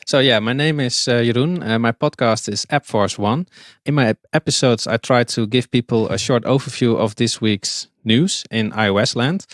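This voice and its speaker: A man's voice: medium pitch, moderate pace, dry recording, studio quality. A man with a Dutch accent, a podcast guest in a casual interview, speaking hesitantly with many fillers and restarts. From Netherlands.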